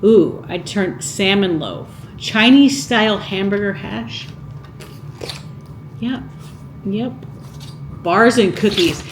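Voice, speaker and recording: A woman chats unhurriedly while she reads through an old cookbook, stopping to wonder aloud and to ask her viewers questions. Her voice sits at a middle pitch and carries some room echo. A faint hiss of background noise runs under it. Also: lively intonation, slow, long pauses. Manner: chatty, muses aloud and asks viewers questions. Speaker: cooking vlogger. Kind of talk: casual vlog, reading from a vintage cookbook.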